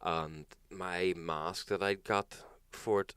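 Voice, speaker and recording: A man's voice: low-pitched, steady tone, slow, a bit bright, clean tone, dry recording. A man co-hosting a talk show, telling stories in casual chat, swearing and laughing as he goes. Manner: swearing, laughing anecdotal storyteller.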